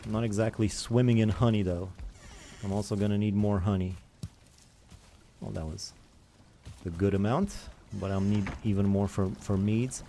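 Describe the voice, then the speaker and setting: A man's voice: fairly low pitch, fairly even intonation, normal speed, warm tone, a little hiss or hum. A man giving rambling, self-mocking commentary while he plays a survival game and answers chat. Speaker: gaming streamer. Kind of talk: casual let's-play commentary.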